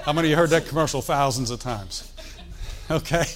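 A man's voice: on the high side, fairly quick, crowd noise. A man preaching a sermon in a conversational, folksy way, with joking asides and calls for the congregation to answer. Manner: asks the congregation for responses.

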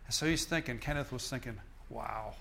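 A man's voice: on the high side, normal speed, fairly bright tone, a little hiss or hum. A male minister preaching a sermon in an emphatic, repetitive style, often restarting his phrases.

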